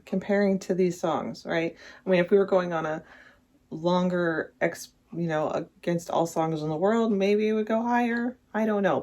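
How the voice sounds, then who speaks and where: A song-ranking vlog: the reviewer talks in a medium-pitched, slightly mellow voice, rambling casually, frequently correcting themselves, and gushing enthusiastically over favorite picks.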